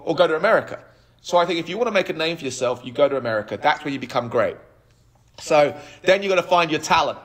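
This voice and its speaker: A man in his thirties, a podcast guest telling his life story in an animated way, with frequent restarts. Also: on the high side. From United Kingdom. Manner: animated, acts out quoted dialogue, frequent restarts. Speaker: podcast guest, app co-founder.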